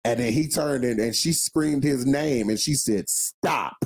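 A man's voice: mid-range voice, normal speed. A man co-hosting a podcast, telling a wrestling story in slangy casual chat, laughing often. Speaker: podcast co-host.

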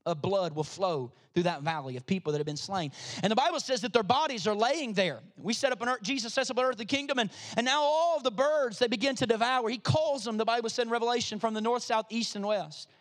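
A man preaching a sermon to his congregation, reading scripture and calling on listeners to respond. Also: high voice. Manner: preaching with rising emphasis, calls on the congregation. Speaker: pastor.

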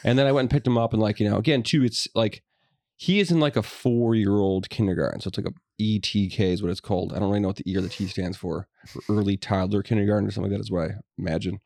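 A man's voice: lowish voice, steady tone, very fast, vocal fry, a little mellow, no echo, studio quality. A man from Texas, a comedian guest, telling loose, profane stories in casual podcast chat.

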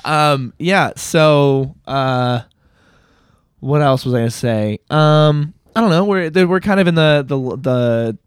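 A man's voice: fairly high pitch, slow pace, smooth, no room sound. Young man, rambling podcast chat, dry close mic. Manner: rambling, laughing, many fillers. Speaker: podcast co-host. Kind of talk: casual chat.

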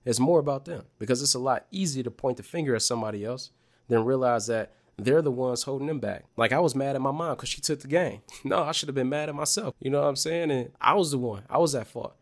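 A man telling a personal childhood story to viewers in a casual, slangy, animated way, drawing a life lesson from it. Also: mid-range voice, fast talker, gravelly. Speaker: motivational speaker.

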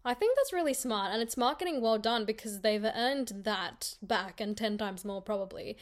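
A woman's voice: a little high, lively intonation. A woman hosting a podcast, playful and giggly in casual chat. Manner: playful, giggly, drawn-out words. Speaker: podcast host.

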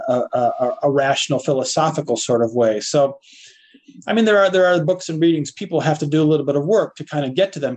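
A man's voice: on the high side, darkish tone. An older man, a philosophy lecturer, answering podcast interview questions in an earnest, hesitant way with frequent restarts.

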